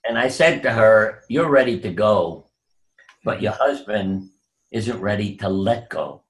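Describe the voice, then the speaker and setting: A man's voice: fairly low pitch, expressive, a little slow. An older man recounts personal stories as an interview guest. He slips into the voices of the people he quotes. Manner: anecdotal, acts out quoted voices. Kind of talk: storytelling interview.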